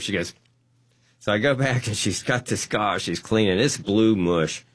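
A man telling his testimony as a guest, acting out the dialogue with animated energy. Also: on the low side, moderate pace, husky. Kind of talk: testimony storytelling.

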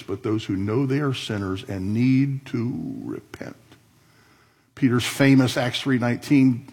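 Husky-voiced male pastor preaching. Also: medium pitch, a little mellow. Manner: conversational preaching with wry asides; reads scripture aloud then comments on it. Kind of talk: sermon.

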